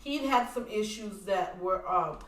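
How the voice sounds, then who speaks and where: A woman's voice: medium pitch, normal speed. Earnest storytelling woman, roomy distant sound. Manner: animated, acts out voices in quoted dialogue; earnest, speaks of faith. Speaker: podcast guest, widow. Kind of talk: personal storytelling in an interview.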